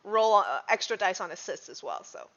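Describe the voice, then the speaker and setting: A woman playing in a tabletop game, talking through the rules in a quick, upbeat way. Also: mid-range voice, very animated, fairly bright tone. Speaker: player. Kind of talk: casual tabletop game chat. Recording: dull lo-fi audio.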